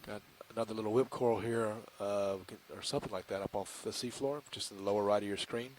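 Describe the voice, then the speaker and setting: A man with a Southern US accent, a scientist giving live commentary on deep-sea creatures over an intercom, musing and hesitant with many fillers. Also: steady tone, fast talker, slight background noise.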